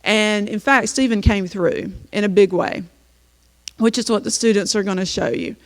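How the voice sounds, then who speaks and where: A teacher from North Carolina guides listeners through a slideshow, her mid-pitched voice keeping a steady tone and moderate pace. She narrates casually, frequently saying "um," as her words ring through a big hall with lingering reverb.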